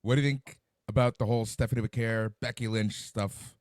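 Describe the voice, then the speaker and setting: A man co-hosting a podcast in casual wrestling chat, lively and steering the talk with questions. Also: lowish voice, fairly quick, no echo, studio quality. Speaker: podcast co-host.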